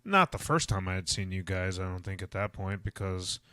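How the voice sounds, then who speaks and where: A man's voice: sits low, moderate pace, clean tone, no echo, clean studio sound. Laid-back joking podcast host, man. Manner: relaxed, joking, trails off mid-thought. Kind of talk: casual chat.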